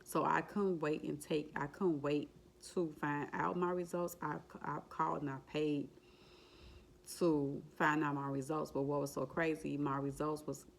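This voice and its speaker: With a low, gravelly voice and a steady tone at a moderate pace, this woman vlogger recounts her exam story, full of emotion and faith. She keeps it casual and repetitive, exclaiming and laughing, while slight background noise sits under her voice.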